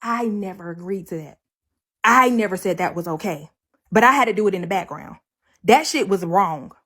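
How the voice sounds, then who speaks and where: Her voice is mid-range, bright, forceful and slightly rough, with lively intonation at a normal speed. She's a livestreamer giving her account of a breakup, casual and profane, driving points home through repetition.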